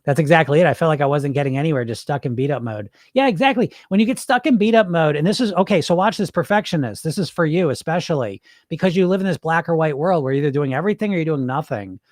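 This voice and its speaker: A middle-aged man hosting a casual podcast, reading listener comments and answering them in a blunt, animated way, now and then swearing and acting out the voices in people's heads. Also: fairly high pitch, fast talker, hardly any pauses, no echo, clean studio sound. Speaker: podcast host and weight-loss coach.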